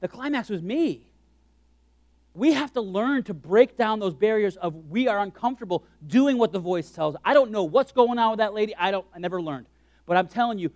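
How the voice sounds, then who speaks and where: A man preaching a sermon as pastor, animated and joking, acting out his own thoughts in quick asides. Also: sits high, no echo.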